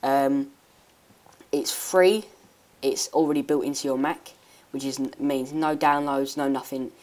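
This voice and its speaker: A woman giving a rambling, hesitant software tutorial with many restarts. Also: a bass voice, steady tone, measured pace. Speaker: tech YouTuber. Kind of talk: screen-recording software tutorial.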